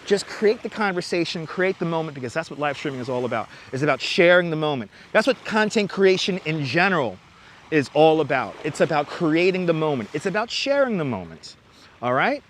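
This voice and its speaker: A chatty man hosts a casual livestream outdoors by the water at night, rambling easily between thoughts and answering viewers in the chat. His voice is bright and fairly high for a man, picked up close on a clip-on wireless mic. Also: sing-song, a little fast, a little hiss or hum. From New York City. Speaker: livestream host.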